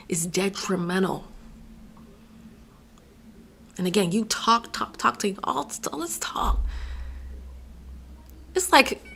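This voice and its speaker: A woman's voice: high voice, pushed and bright. A young adult woman from Virginia hosting a solo podcast, delivering emphatic, sassy, opinionated commentary. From Virginia, USA. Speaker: podcast host.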